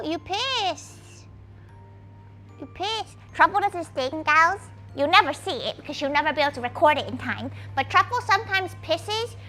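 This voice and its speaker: High bright-voiced woman streamer. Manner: talks about herself in the third person, playful and crude. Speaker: VTuber streamer. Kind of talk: casual cooking stream chat.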